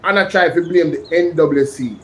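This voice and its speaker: A man's voice: a little high, normal speed, a little hiss or hum, rough recording. A man with a Jamaican accent hosting a casual live-stream reaction, chatting to his viewers. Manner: chatty, addresses viewers by name. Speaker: YouTube reaction host.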